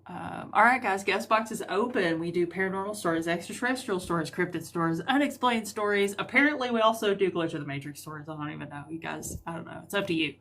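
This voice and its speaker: Casting: rural Southern woman, live-stream host, lowish voice, rambling, loose, self-doubting chatter. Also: quick pace, few pauses, fairly bright tone, slight background noise. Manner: chatty, rambling, full of ums and trailing thoughts. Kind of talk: casual live-stream chat.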